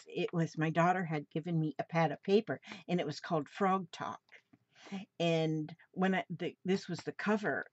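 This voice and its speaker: A woman on a crafting channel, gushing and exclaiming as she shows off gifts she received in the mail. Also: low-pitched. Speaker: crafting vlogger. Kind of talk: casual show-and-tell of a mail package. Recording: slightly dull home recording with faint noise.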